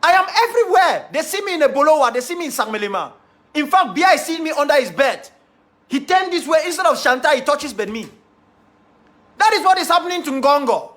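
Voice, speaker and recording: A man's voice: extremely high pitch, very animated, a little fast, a bit bright. A man with a Cameroonian English accent giving a defiant, impassioned monologue to his followers, repeating key phrases for emphasis. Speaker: activist leader addressing followers.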